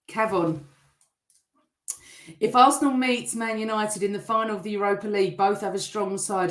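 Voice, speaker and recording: A middle-aged woman hosting a live football fan show, chatting and reading out viewer comments, her voice a bit rough. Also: mid-range voice. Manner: chatty, warm toward viewers, teasing. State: voice still rough from shouting. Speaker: host. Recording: echoey room.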